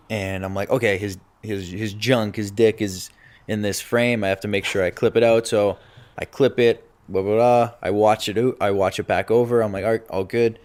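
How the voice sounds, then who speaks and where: A young man co-hosting a casual podcast with a slightly low voice. He tells stories in a loose, animated way and laughs through the funny parts. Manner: animated storyteller, laughs through his own story. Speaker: podcast co-host. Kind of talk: casual chat.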